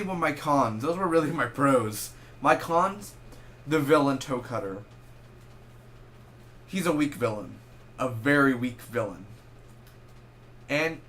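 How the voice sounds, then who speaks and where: A man's voice: medium pitch, slight background noise. A young man giving a casual spoken movie review, rambling and correcting himself as he goes. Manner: rambling, self-correcting, animated with quick asides.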